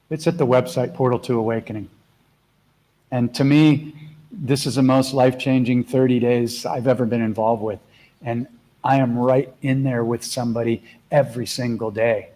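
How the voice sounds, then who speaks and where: An earnest man leads a live coaching call, his voice sitting a little higher than most men's. He slows down and draws words out when he wants them to land. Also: poor audio. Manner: drops to a soft hush when speaking affirmations. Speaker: host and spiritual mentor.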